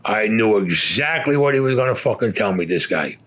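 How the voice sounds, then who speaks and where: An older man in his seventies, a war veteran bluntly recounting his experiences in rough, heavily profane storytelling. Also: lowish voice, animated, a little fast, fairly bright tone.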